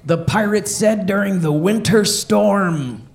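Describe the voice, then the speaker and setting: A man playing a pirate comedian who tells family-friendly jokes and repeats each question before a slow punchline. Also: high-pitched, gravelly, full character voice. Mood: cheerful. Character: jolly joke-telling male pirate comedian.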